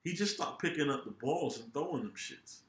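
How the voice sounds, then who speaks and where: Animated storytelling man in an echoey room. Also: a little high, fairly quick. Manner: animated, profane, laughing. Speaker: podcast host. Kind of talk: casual storytelling.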